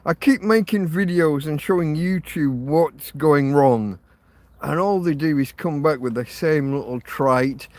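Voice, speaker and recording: A man's voice: fairly high pitch, unhurried, darkish tone, no room sound. A man hosting a rambling live stream from his phone, sweary and self-deprecating as he rants. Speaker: livestream host. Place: in or by a tent outdoors.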